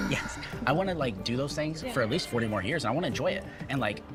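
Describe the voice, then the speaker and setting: A man on a reality show chatting casually, talking loudly and laughing a lot. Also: medium pitch, fast. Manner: loud, animated, laughs a lot. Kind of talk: casual chat. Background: background music from the show.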